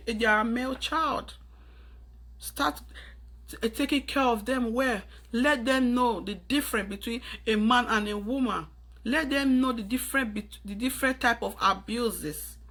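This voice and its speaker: A woman's voice: a little high, fairly bright tone. A Nigerian woman lecturing her viewers in an urgent, preachy tone, slipping into pidgin phrases. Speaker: vlogger giving advice. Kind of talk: earnest advice monologue to camera.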